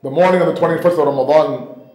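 A male preacher telling a sacred story in an emotional sermon, swinging between hushed tones and near-shouting. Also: a little high, fast talker. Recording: roomy echo.

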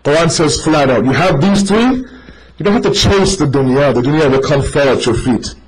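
High-voiced man preaching a sermon. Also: moderate pace, low-quality recording. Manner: animated, addressing listeners directly as brother; tells stories to make a point. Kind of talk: sermon to a live audience.

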